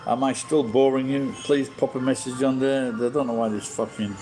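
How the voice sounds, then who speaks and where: Mellow-voiced man, swearing freely. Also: medium pitch, fairly even intonation, normal speed, soft background music, rough recording. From England. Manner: heavy swearing, blunt and opinionated. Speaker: livestream host. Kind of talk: rambling casual livestream chat.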